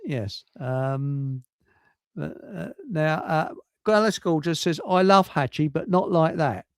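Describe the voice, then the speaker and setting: This older livestream host speaks slowly in a slightly high, creaky voice, with no room sound around him. He meanders through jokes and reads the chat out loud, chuckling often, in a casual, joking conversation.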